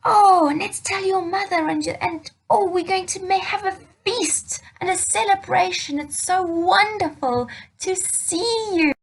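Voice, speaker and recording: A fussing, overjoyed father in a storybook tale, his voice pitched up high and lifted in volume, as a woman reading the story puts him on. He speaks slowly, with a gravelly edge. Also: rough recording. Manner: excited, gasping, fussing.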